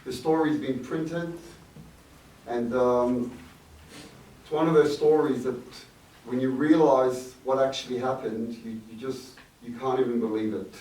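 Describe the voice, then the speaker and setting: A man's voice: medium pitch, a little mellow. A middle-aged man, a rabbi, telling a reflective personal story to an audience, with Yiddish words mixed in. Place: event hall. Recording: echoey room, distant mic, faint noise.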